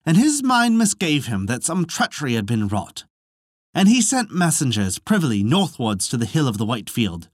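A podcast storyteller reads an old legend at a measured pace, with a highly animated voice that climbs and falls widely. The sound is close and dry, with no echo. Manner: measured, expressive reading. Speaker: storyteller narrating folklore. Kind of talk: audiobook-style narration.

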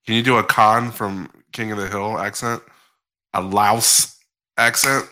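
A man chiming in on a podcast chat with quick wisecracks. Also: lowish voice, fairly even intonation, bright, forceful tone, low-quality recording. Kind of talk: casual chat.

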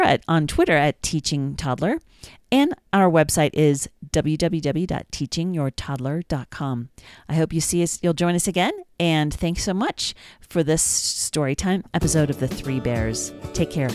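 Woman, storytime host, reading aloud, gentle, low voice. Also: dry recording, studio quality.

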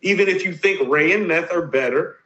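A man's voice: fairly high pitch, brisk, sharp tone, dull audio. A man co-hosting a casual debate on a live stream, emphatic and insistent as he argues his point.

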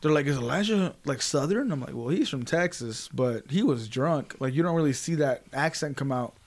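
A fairly high-voiced man chatting loosely on a podcast with friends. He swears freely and keeps laughing through his stories. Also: lively intonation, normal speed. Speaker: podcast co-host. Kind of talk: casual chat.

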